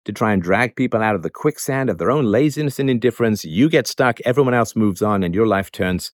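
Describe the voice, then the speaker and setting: A man's voice: on the low side, expressive, fairly quick, dry recording, studio quality. A man hosting a show, giving an emphatic, lecturing spoken monologue with mocking asides. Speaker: show host.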